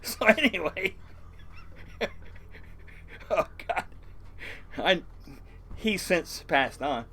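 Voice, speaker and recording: A man's voice: high-pitched, big pitch swings, very slow, long pauses, pushed and bright, husky. An older man, a fishing boat captain, telling rambling stories in a casual interview, swearing freely and chuckling through many restarts.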